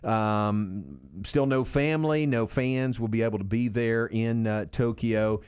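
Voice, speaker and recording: A man hosting a sports broadcast, recapping an athlete's career in a steady, informative way. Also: mid-range voice, unhurried, clear, resonant tone, dry recording, studio quality. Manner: informative, steady, fact-listing. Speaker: radio host.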